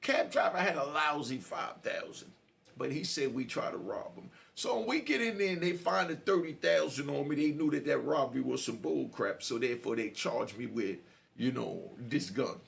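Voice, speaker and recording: A middle-aged man, a podcast host telling a street story in an animated, slangy way. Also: medium pitch, moderate pace, vocal fry. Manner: animated, slangy, frequent "you know".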